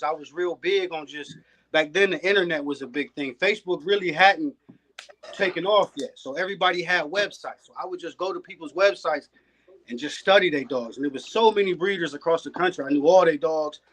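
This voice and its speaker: A laid-back man in casual podcast chat, telling a story about his dogs. His voice sits a little higher than most men's, and he keeps dropping in "man" and "you know.". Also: a bit bright. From United States. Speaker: guest breeder.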